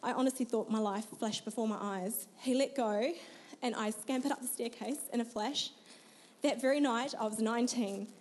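A woman's voice: a little high, fairly even intonation, moderate pace, a little mellow. A young adult woman, telling her personal story earnestly as an interview guest, laughing now and then. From New Zealand.

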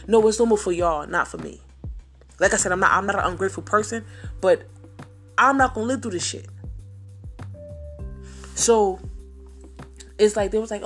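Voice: medium pitch, normal speed, pauses often, a bit bright, soft background music. A speaker telling a personal story in a casual, heated, profane way, often repeating phrases. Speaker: vlogger.

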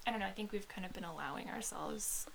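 A woman's voice: medium pitch, quick pace, gravelly, a bit bright, a little hiss or hum. A woman co-hosting a casual chat, talking in a hesitant way with lots of fillers. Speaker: podcast co-host.

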